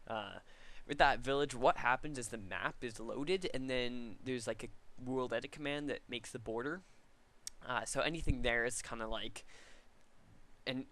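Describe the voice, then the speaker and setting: A man's voice: mid-range voice, a bit bright. A young man giving casual, rambling commentary over a video game, laughing at himself and trying out silly voices. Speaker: gaming commentator.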